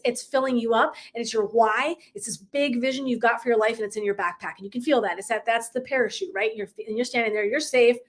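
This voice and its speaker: A woman coach giving a live motivational talk, emphatic and profane, who laughs often and acts out little dialogues. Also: on the high side. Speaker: wellness and life coach.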